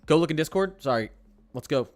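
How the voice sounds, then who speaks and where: A young man hosting a live weather stream, chatting casually and excitably, with lots of "like" fillers. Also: a little high, a little fast. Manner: chatty, excitable, heavy use of "like". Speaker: weather livestream host.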